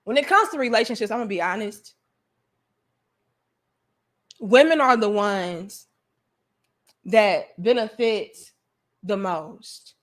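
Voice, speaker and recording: A woman's voice: mid-range voice, takes it slowly, pauses often. A woman hosting a livestream, delivering an emphatic, profane, preachy rant to her viewers. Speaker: livestream host.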